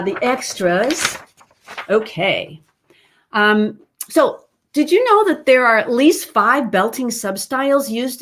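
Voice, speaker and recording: A middle-aged woman teaching a livestream singing lesson, explaining in an animated way and breaking into sung demonstrations. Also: fairly high pitch.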